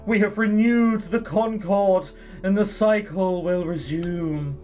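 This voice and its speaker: A man voicing solemn, ancient fairy beings who speak slowly and grandly. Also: high-pitched, darkish tone, faint music behind. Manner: slow, stately, portentous.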